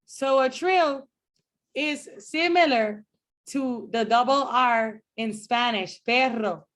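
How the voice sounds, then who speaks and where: Woman professor, slightly higher voice, slow and explanatory, classroom lecture with sounds modeled out loud. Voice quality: explanatory, demonstrates speech sounds slowly. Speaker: phonetics professor. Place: classroom with students.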